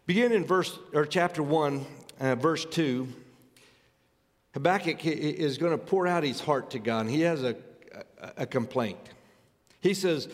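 A man's voice: a little high, measured pace. A man preaching a sermon, reading scripture aloud and urging his listeners with earnest, rising emphasis. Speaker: pastor. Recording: long hall reverb.

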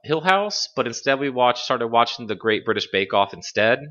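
A man's voice: medium pitch, very animated, normal speed, pushed and bright, highs cut off. A man hosting a casual gaming podcast, laid-back, laughing often as he reads through lists. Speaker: podcast host. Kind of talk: casual chat.

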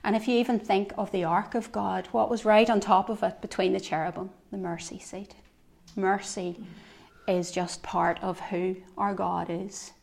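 A woman giving a devotional sermon, earnest, swinging between soft reflective lines and emphatic ones. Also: medium pitch, level tone, normal speed, vocal fry. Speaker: preacher.

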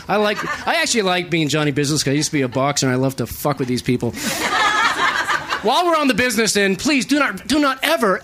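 Man, high-pitched, excitable panelist with salty language, faint background hiss. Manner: animated, profane, storytelling. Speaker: author on a panel. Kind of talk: panel discussion.

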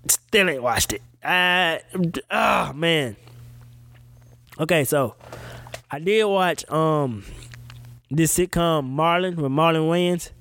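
A man's voice: on the high side, no room sound. A man hosting a podcast in casual chat, ranting animatedly with lots of swearing and laughter. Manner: animated, profane, laughing rants. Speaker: podcast host.

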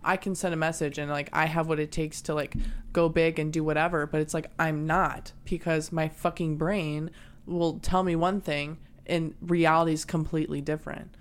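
A woman's voice: low-pitched, flat delivery, normal speed. A young woman in casual podcast chat, talking candidly and rambling, swearing often.

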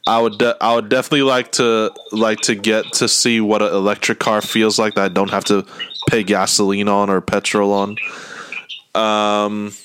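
A man's voice: on the low side, slight background noise. A young man talking casually and rambling a bit, laughing now and then as he asks questions. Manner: relaxed, rambling, laughs often. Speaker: host. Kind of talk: casual chat.

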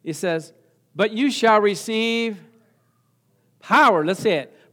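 Brief: middle-aged man, pastor mid-sermon, a touch high-voiced, playful, talks straight to the pews. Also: slow, pauses often. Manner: lively, joking, calls out to the congregation.

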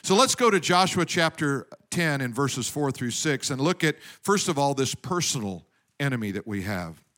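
A man's voice: medium pitch, sing-song, moderate pace, a bit bright. A man preaching a sermon in a conversational way, rising with emphasis on key points. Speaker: pastor.

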